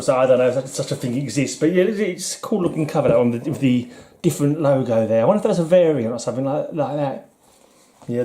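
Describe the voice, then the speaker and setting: Warm-toned and mid-range, a middle-aged man from the United Kingdom with a British English accent browses his comics while chatting in a casual, rambling way. The comic collector vlogger chuckles a lot and is often self-deprecating.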